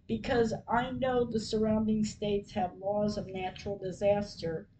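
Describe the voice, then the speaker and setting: A woman podcaster reading her diary entries aloud, retelling each call in a plain, measured way. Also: mid-range voice, level tone, warm tone, a little hiss or hum, low-quality recording.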